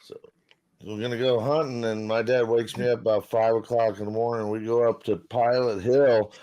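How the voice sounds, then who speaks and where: A man's voice: medium pitch, level tone, moderate pace, warm tone, dull audio. A man on a live panel telling a long, rambling hunting story, swearing freely. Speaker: panel guest. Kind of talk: casual storytelling.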